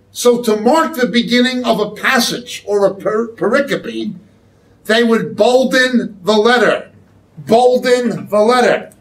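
A man giving sermon-style Bible teaching, explaining slowly and often checking with "okay?". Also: high voice, recorded from a distance, low-quality recording. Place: church hall.

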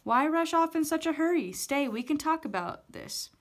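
A woman's voice: sits high, animated, moderate pace, pitched above the performer's own voice. Woman reading a haughty, coaxing witch for a storybook. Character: wounded scheming witch, woman.

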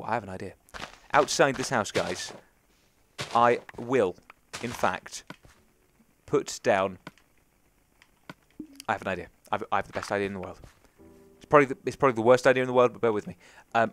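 A man's voice: medium pitch, fairly bright tone, no room sound. Chatty young English man narrating gameplay. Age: young adult. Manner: chatty, rambling, self-talking. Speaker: gaming commentator. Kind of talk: casual let's play commentary.

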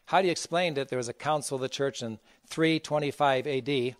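A man's voice: mid-range voice, brisk, clean tone, no room sound. A man, a bishop giving a conference sermon, who talks with emphasis, asks rhetorical questions and acts out the voices he quotes.

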